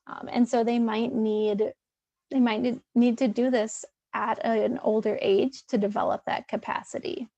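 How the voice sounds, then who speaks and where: Woman, therapist, webinar talk, relaxed with fillers, slightly high pitch, gravelly. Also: measured pace, no echo, highs cut off. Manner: conversational, many fillers and restarts. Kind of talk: webinar presentation.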